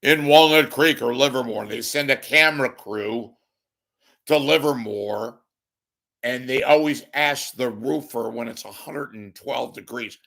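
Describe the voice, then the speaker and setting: Hoarse man, slow sarcastic rant. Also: medium pitch, fairly bright tone. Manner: sarcastic, ranting. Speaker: commentator. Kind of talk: ranting monologue.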